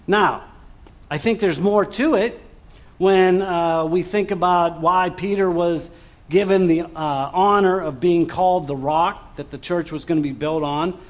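A man preaching a sermon in a conversational way, with frequent fillers, restarts and asides to the congregation. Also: high voice. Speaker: pastor.

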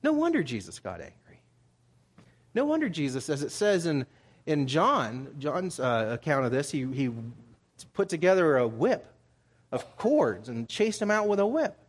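A man's voice: fairly high pitch, very animated, moderate pace. A man preaching a Bible study sermon in a conversational way, acting out the people he quotes with rising emphasis. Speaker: pastor.

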